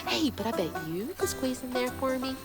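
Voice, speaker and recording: An actress playing a young woman searching for her lost mother. She speaks earnestly and gently to a small companion. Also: high-pitched, expressive, a little fast. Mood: tender. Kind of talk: video game voice acting. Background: game music.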